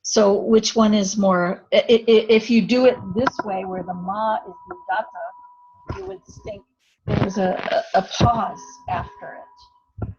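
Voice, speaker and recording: A woman's voice: mid-range voice, animated, unhurried. A woman student asking a question hesitantly, with many restarts, over an online call. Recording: muffled call with rain noise.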